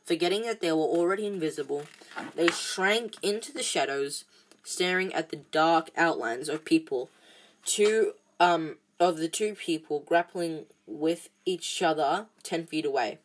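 A woman reading a novel aloud chapter by chapter, halting often with restarts and fillers. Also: low-pitched. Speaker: storybook reader.

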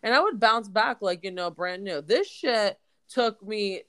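Congested woman podcast host, smooth. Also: mid-range voice, expressive, unhurried, a bit bright. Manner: candid, swears freely. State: congested, voice deepened. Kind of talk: casual chat.

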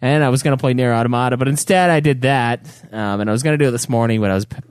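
A man co-hosting a casual podcast chat, telling animated stories and swearing often. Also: medium pitch, racing, clean tone, no echo, clean studio sound. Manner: animated storytelling with frequent swearing. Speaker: podcast co-host.

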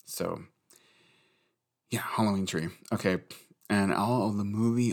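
A man's voice: on the low side, moderate pace, pauses often, a little mellow. A man chatting casually and rambling about books late at night, swearing and laughing at himself. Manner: rambling, profane, giggly. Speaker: book vlogger.

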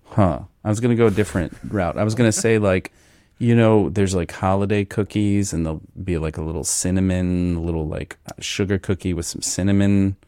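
A man hosting a podcast, talking in a relaxed, rambling way with many fillers. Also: low-pitched, a little fast, smooth, no room sound, studio quality. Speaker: podcast host. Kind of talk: casual chat.

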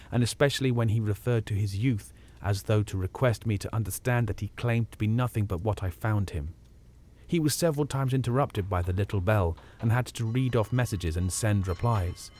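A man narrating a classic ghost story as an audiobook, in a measured, quiet and grave way. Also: lowish voice, a little hiss or hum.

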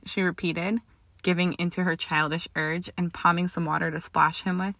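A woman narrating a story aloud in a steady, expressive audiobook reading. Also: lowish voice, normal speed, dry recording. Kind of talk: audiobook reading of fan fiction.

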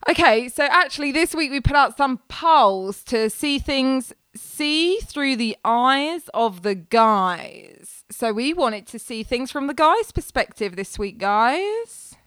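Teasing woman, slightly high voice. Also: animated, takes it slowly, fairly bright tone, clear, resonant tone, no echo, clean studio sound. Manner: teasing, joking. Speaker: podcast co-host. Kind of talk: casual chat.

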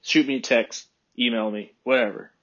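A man from Texas hosting his podcast in a rambling, relaxed chat, with a phlegmy throat he keeps clearing. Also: medium pitch, normal speed, muffled recording. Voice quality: phlegmy, husky. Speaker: podcast host. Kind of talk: casual solo podcast chat. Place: room by a window.

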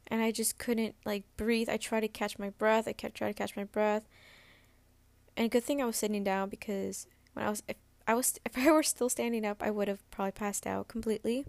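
A woman's voice: mid-range voice, little pitch movement, fairly quick, vocal fry, no room sound. A woman in her twenties, hosting a podcast, candidly recounting a personal story in a rambling way, full of "like" and restarts. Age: 20s. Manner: candid, rambling, heavy use of "like". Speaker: podcast host.

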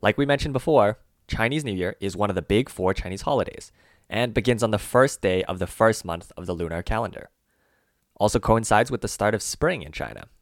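Low-voiced man in a dry, close recording. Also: dry recording. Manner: careful, slows down on example words. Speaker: co-host of a language lesson. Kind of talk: scripted explanatory lesson.

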